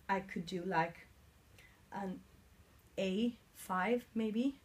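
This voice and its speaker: A woman's voice: medium pitch, animated, takes it slowly, music in the background. A woman with a Swedish accent in her forties, explaining her singing progress in a casual vlog recorded on a mobile phone, earnest and sometimes searching for words. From Sweden. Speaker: singer vlogging her vocal training.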